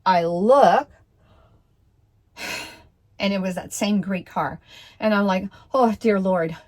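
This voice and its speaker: A woman casually telling a personal story, hesitant, with many fillers and restarts. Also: medium pitch. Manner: slow, deliberate delivery.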